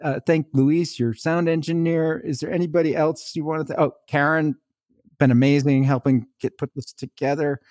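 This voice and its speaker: A man's voice: fairly high pitch, fairly even intonation, normal speed, a little mellow, no echo, studio quality. Eager, chatty male podcast host. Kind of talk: casual interview chat.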